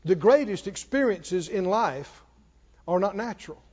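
Male preacher, high voice, measured unhurried delivery, repeats key phrases, calls for congregation responses. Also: lively intonation, darkish tone. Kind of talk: sermon. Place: church hall with congregation. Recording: reverberant hall, dull lo-fi sound.

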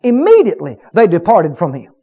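A man preaching a fervent sermon, repeating short phrases and building to shouts before dropping low. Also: huge pitch swings, brisk, breathy edge, phone-quality sound.

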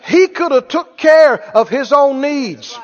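A male pastor preaching a sermon, animated, putting questions to the congregation and drawing responses. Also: very high voice, takes it slowly, a faint crowd. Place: church sanctuary. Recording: muffled, reverberant church hall.

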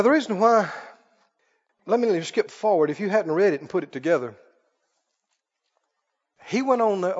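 A man's voice: sits high, darkish tone, in a large hall, muffled recording. A man preaching a sermon, dramatic and full of rhetorical questions as he tells the story.

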